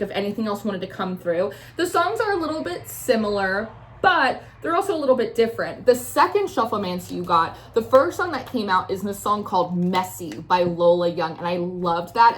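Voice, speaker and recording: A woman's voice: medium pitch, slight background noise. Young woman, tarot reader; loose, filler-heavy rambling with acted-out quotes. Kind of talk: casual intuitive tarot reading.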